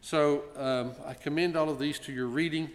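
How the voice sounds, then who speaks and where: A man speaking as congregation president, giving a ceremonial presentation speech with gentle jokes and frequent pauses, in a synagogue sanctuary. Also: a little high, fairly even intonation. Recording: long reverb in a large sanctuary.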